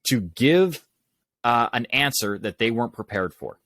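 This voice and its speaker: A man on a podcast, a guest who coaches public speaking, telling stories in an animated way with quick asides. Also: medium pitch, dry recording. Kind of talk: conversational storytelling.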